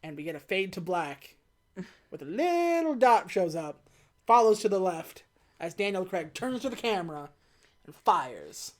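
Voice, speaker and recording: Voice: medium pitch, sing-song, measured pace. A podcast co-host casually recapping a film plot, quoting the characters in an offhand way. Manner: retells scenes by quoting characters in a loose, offhand way.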